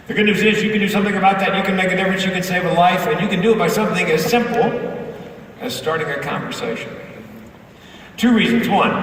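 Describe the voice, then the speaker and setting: A man's voice: on the high side, fairly bright tone. A man giving a keynote speech as a public speaker and comedian, telling a story with punchy comic timing. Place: large conference hall. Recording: echoey hall, distant mic, faint room noise.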